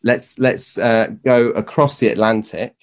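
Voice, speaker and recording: A man with a Southern English accent hosting a podcast, talking in a relaxed, easygoing way. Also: mid-range voice, a little slow. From Southern England. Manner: relaxed, easygoing, fillers and restarts. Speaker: podcast host. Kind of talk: casual conversation.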